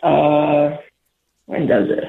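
Brief: teenage male caller, phone-line sound, a bit gravelly. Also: a little high, steady tone, very slow. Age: teen.

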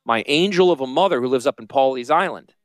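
A man's voice: mid-range voice, lively intonation, fast, no room sound. A man hosting a financial talk radio show, brash, sarcastic and rambling. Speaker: radio host, financial planner. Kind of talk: joking talk radio monologue.

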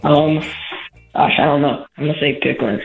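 A man's voice: on the high side, fairly even intonation, normal speed, gravelly, faint music behind. A teenage boy calling into a radio show, giving short, hesitant answers. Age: teens. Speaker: caller. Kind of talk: phone call to radio show. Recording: tinny phone line.

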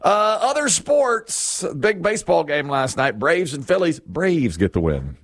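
A man hosting a casual sports talk show, telling stories in an animated way and laughing as he goes. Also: a little high, unhurried, no room sound, clean studio sound. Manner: animated storyteller, laughs, mimics others.

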